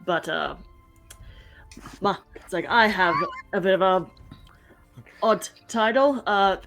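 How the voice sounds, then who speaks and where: A woman's voice: medium pitch, takes it slowly, music in the background. Woman playing a modest male doctor. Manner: modest, hesitant. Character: humble male doctor, known as an earl.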